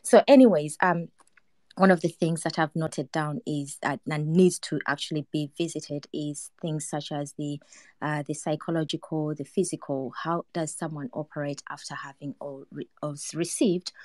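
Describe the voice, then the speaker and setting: A woman's voice: deep voice, fairly even intonation, moderate pace, darkish tone, no room sound. A woman co-host with a Ugandan English accent giving earnest closing remarks in an online audio discussion. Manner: earnest, summing up points.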